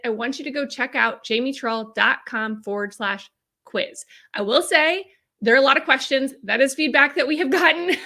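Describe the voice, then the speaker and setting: A bright, fairly high-voiced woman hosts a casual live stream, upbeat and chatty as she greets her viewers. Her voice is a little hoarse, with some throat clearing between phrases. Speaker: host, accountant and profit strategist.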